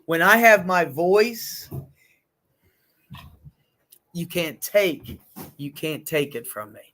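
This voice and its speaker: A woman leading a group session on stress, talking frankly and in a lively way, with blunt asides. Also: lowish voice, takes it slowly. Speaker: group facilitator.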